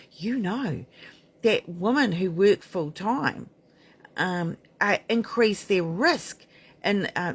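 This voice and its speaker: A woman's voice: lowish voice, fairly bright tone, husky. A middle-aged woman midwife giving a frank, emphatic talk to camera, blunt and candid. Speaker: midwife and maternity author.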